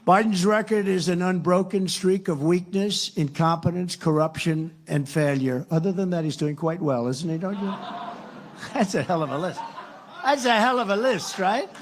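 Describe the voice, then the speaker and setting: At a live rally, an American man running for office delivers a meandering, sarcastic speech that repeats itself a lot. He speaks at a moderate pace in a voice that sits high.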